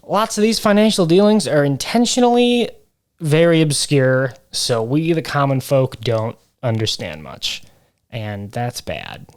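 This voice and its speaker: A man's voice: mid-range voice, big pitch swings. A man with a middle-range voice hosts a casual podcast chat. He explains things patiently and teases his co-host, and his sentences often stall on little fillers. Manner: explanatory and teasing, with halting fillers.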